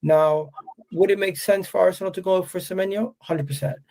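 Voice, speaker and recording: A man as guest on a live chat, arguing his point at length in a measured way and pushing back. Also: high voice, steady tone, darkish tone.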